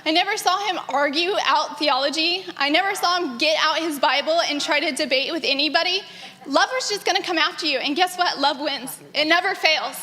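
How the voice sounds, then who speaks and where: A woman in her thirties giving an earnest, animated personal testimony about her grandfather to a gathering, often breaking into laughter. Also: high voice. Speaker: granddaughter sharing memories. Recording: echoey hall.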